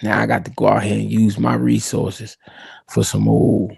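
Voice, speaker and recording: A man imitating a calm, well-connected older boss who talks slowly and lectures soothingly. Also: lowish voice, vocal fry, breathy edge, no room sound, clean studio sound, pitched below the performer's own voice, exaggerated voice. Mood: calm lecturing. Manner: slow, soothing, lecturing drawl.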